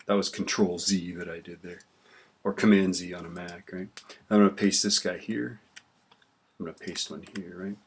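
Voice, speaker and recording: A male teacher with a low, slightly rough voice keeps a moderate pace and fairly even intonation. He casually walks through a spreadsheet lesson in a screen recording, typing as he speaks and often asking "right?", with keyboard clicks in the background.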